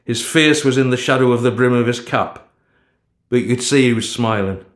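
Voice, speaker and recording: A man narrating a first-person story in a steady storytelling manner. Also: medium pitch, normal speed. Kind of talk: storybook reading. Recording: echoey room.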